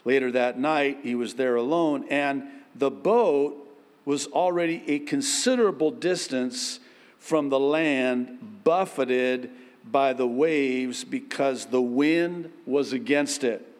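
A man preaching a sermon, unhurried, with sudden animated outbursts. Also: mid-range voice. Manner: slow, building to animated outbursts. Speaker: pastor. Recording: long hall reverb.

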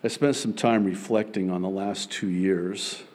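A man preaching a sermon as pastor, earnest, moving between soft passages and emphatic ones. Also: low-pitched, fairly even intonation, measured pace.

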